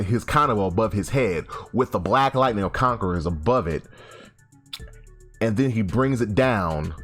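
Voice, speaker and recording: A man giving a casual, animated comic recap, swearing freely and often restarting his sentences. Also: on the low side. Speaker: YouTube host. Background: faint background music.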